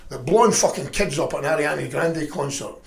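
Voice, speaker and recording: A middle-aged man telling stories in a profane, rambling, animated way. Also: on the high side, brisk, gravelly, roomy sound. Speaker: podcast guest. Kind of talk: casual storytelling chat.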